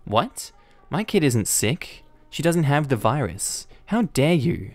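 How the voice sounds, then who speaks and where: A man's voice: fairly high pitch, very animated, takes it slowly, no room sound, exaggerated voice. A man reading the lines of a pushy, indignant entitled mother in a story, demanding and huffy.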